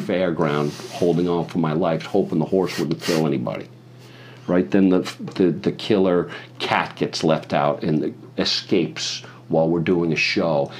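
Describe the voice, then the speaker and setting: Brief: low-voiced male guest, profane rambling storyteller, loose and chatty. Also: darkish tone, breathy edge. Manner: profane, meandering, acts out other people's voices. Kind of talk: rambling anecdote in conversation.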